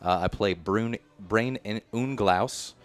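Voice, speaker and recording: A young man talks casually with guests on a radio show, his voice sitting a bit low. He rambles in an easygoing way, full of fillers and restarts. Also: takes it slowly. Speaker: brewery representative and voice actor. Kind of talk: casual chat.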